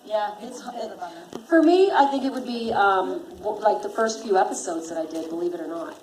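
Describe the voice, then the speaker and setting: A woman voice actor on a convention panel, telling casual anecdotes in an animated way with lots of laughter. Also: mid-range voice, normal speed. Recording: echoey hall with background noise.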